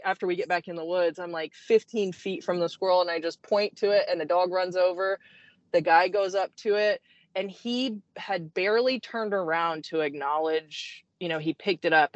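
A woman guest telling a story in a casual interview, animated and self-deprecating, stopping and restarting often. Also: on the low side, no echo. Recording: dull, dry sound.

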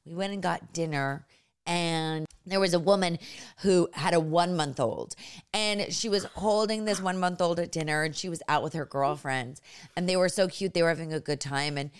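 Woman in her thirties, smooth clear voice, lowish pitch, animated storyteller, casual chat. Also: normal speed. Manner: animated storyteller, acts out quotes, swears casually.

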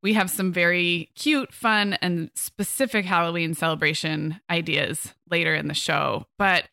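Woman co-host, middle-aged, bright and crisp, dry close sound, chatty and loose. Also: on the low side, measured pace, no echo. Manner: chatty, thinks aloud with fillers. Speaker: podcast co-host. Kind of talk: casual podcast chat.

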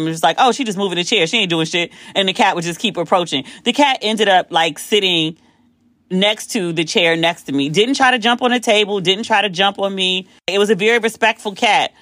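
An American woman hosts a podcast and tells a rambling, animated story straight to the mic. She swears freely and slips into other people's voices when she quotes them. The sound is dry and close, with no room around her. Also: mid-range voice, a little fast, dry recording. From United States. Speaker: podcast host. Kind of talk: casual storytelling monologue.

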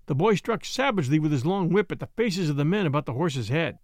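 Male audiobook narrator, high voice, very lively, close mic, dry room. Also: a little fast, few pauses, no echo. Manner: expressive storytelling. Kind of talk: scripted narration.

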